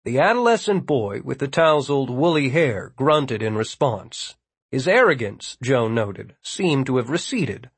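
A man reading a novel aloud as an audiobook narrator, in an even, measured manner. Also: medium pitch, husky, no room sound. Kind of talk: scripted narration.

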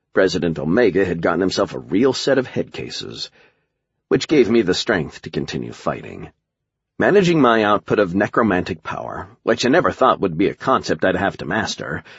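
A man's voice: low-pitched, slightly rough, no echo, muffled recording. A man reading a first-person action audiobook with a wry, sardonic manner. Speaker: audiobook narrator.

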